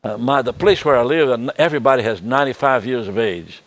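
Older man preaching, halting and soft. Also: mid-range voice. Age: 70s. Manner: halting, repeats words, drops to soft tones. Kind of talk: sermon.

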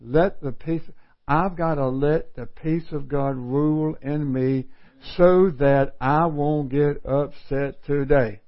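A man preaching with a slow, unhurried delivery, folksy and self-mocking, often breaking into a laugh. The recording is slightly muffled and lo-fi. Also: fairly high pitch, steady tone. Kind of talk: sermon.

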